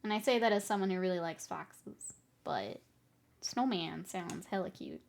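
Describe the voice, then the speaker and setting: A woman streamer paints miniatures while chatting casually with her viewers, playful and rambling, poking fun at herself and often giggling between remarks. Her voice sits on the low side and is creaky, with big pitch swings and a moderate pace.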